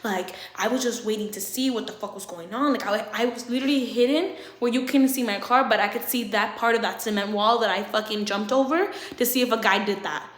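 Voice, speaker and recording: An angry, jealous young boyfriend snaps out swearing accusations in a put-on accent, a woman acting him out. The voice sits fairly high. The room around him rings with echo. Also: a little fast, hardly any pauses, lightly acted. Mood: agitated.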